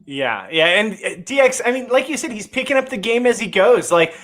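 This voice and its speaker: Male co-host, high voice, friendly, rambly casual chat. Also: very animated, brisk, fairly bright tone. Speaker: podcast co-host.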